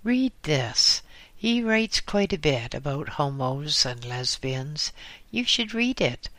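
A blunt, plain-spoken woman in an audiobook, as the reader puts her on. The lines come slowly, with a bright edge to the tone. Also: medium pitch, big pitch swings, dry recording.

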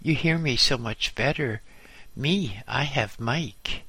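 A man reading a story, voicing an excitable French mechanic who shouts in clipped broken English. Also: mid-range voice, slow pace, breathy edge, no echo, exaggerated voice. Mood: excited shouting.

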